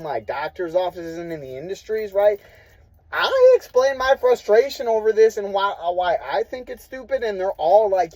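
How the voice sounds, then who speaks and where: A man's voice: a little high, dark tone, no echo, low-quality recording. Profane, rambling young man ranting. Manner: profane, rambling, frustrated, filler-heavy. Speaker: vlogger. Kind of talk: casual rant to camera.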